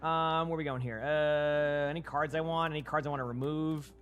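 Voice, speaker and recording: A man's voice: on the high side, fairly even intonation, brisk, fairly bright tone, smooth, faint music behind. A young man with a Boston accent giving casual, rambling live-stream commentary while playing and chatting with viewers on a headset mic.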